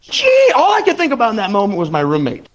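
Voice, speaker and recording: A young man performing a stand-up comedy routine on a club stage, telling the story with animated, acted-out exclamations. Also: sits high, racing, poor audio. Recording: live audience laughter. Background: crowd laughing.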